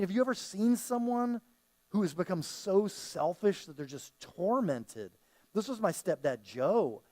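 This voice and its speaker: Pastor, male, fairly high voice; loose, chatty sermon delivery that slips into quoted voices. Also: dark tone. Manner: conversational preaching that often acts out quoted voices.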